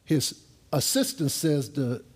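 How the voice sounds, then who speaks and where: A middle-aged man preaches a sermon to his congregation in a voice a touch higher than most men's. He talks like he is telling friends a story, tossing in jokes, then drags out key phrases slowly for weight. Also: big pitch swings, husky. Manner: slow, emphatic drawn-out phrases. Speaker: pastor. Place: church service with congregation.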